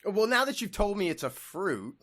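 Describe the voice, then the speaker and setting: Dry-witted, expressive co-host. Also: mid-range voice, moderate pace. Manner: dry, wry quips. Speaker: podcast co-host. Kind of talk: casual chat.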